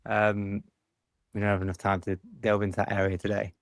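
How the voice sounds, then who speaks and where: A man with a low voice who leads the interview, quick and direct when he steers the conversation. The recording is dry and close, with no sense of the room. He keeps up a steady stream of brief affirmations while the guest talks. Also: no echo. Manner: brisk, with frequent short affirmations. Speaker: podcast host. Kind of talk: interview hosting.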